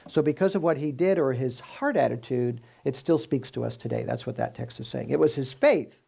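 Gravelly, mellow-voiced man teaching scripture. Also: mid-range voice, fairly quick. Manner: explains scripture verse by verse, asking rhetorical questions. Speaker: Bible teacher. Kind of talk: conversational Bible teaching.

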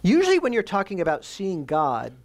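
A man preaching a sermon, his voice sitting a little high with a rough, gravelly edge. He teaches earnestly and slows down to lean on the phrases he wants to land. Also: huge pitch swings. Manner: earnest teaching with slow emphatic stresses. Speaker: pastor.

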